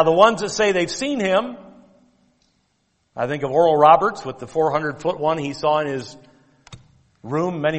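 A male pastor preaching a sermon with emphatic, drawn-out stress on key words and quotes of King James scripture. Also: a little high. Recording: long reverb of a church hall.

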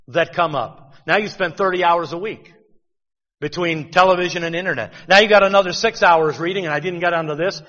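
A man's voice: on the high side, bright, forceful tone, long reverb tail, lo-fi sound. A man preaching a sermon, talking conversationally and asking rhetorical questions.

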